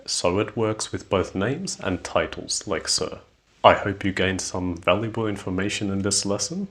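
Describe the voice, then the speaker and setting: Man, very low voice, English teacher, clear explanatory delivery. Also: fairly bright tone. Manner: slow, clear explanatory delivery with spoken examples. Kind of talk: scripted lesson narration.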